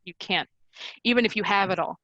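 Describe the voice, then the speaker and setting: A woman's voice: medium pitch, a little fast, fairly bright tone, dry recording, highs cut off. A woman on a panel of game masters, talking casually with many fillers and light laughs. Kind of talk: panel discussion chat.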